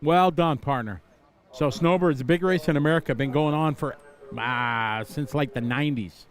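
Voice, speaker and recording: Excitable middle-aged man calling live races. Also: a little high, moderate pace, soft background music. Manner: excitable, chatty, laughs and shouts at crashes. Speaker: race commentator. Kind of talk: live play-by-play commentary. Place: outdoor racetrack.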